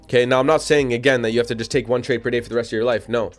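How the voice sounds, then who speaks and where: Man, live stream host, casual slangy chat, hiccuping, mid-pitched voice. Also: fairly even intonation, rapid-fire. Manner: chatty, slangy, addresses chat directly, repeats himself. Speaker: livestream trading host. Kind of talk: casual livestream commentary.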